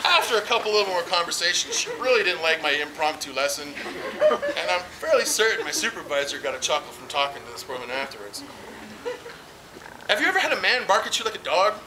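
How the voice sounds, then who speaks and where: A man doing an amateur stand-up set at a barbecue, telling rambling stories with fillers. His pitch moves around a lot as he talks. The party noise outdoors stays loud behind him. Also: big pitch swings, brisk. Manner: rambling, storytelling, with frequent fillers. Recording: noisy outdoor party recording.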